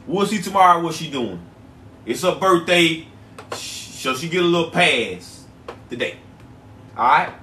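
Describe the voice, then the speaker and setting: A man's voice: sits high, sharp tone, slight background noise. A man hosting a casual livestream, chatting loosely with viewers, often repeating himself and stretching out his phrases. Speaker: livestream host selling herbal products. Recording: echoey room, voice a bit far from mic.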